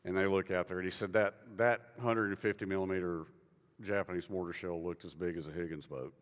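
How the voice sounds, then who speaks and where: A man, guest author, telling a story in a rambling, halting way with many fillers and restarts. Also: low voice, steady tone, in a large hall. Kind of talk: panel conversation, storytelling. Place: conference stage.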